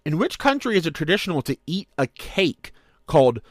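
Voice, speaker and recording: A man co-hosting a podcast, quizzing his partner on holiday trivia in casual, teasing banter and slowing down to read each question aloud. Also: fairly high pitch, big pitch swings, no echo, studio quality.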